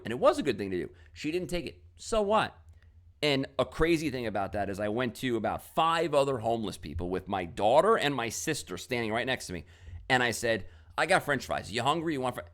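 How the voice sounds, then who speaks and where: Man, middle-aged, animated pitch, casual coaching talk, chatty filler-heavy storytelling. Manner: storytelling with lots of fillers and quoted dialogue. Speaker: business and sales coach. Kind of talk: casual motivational talk to camera.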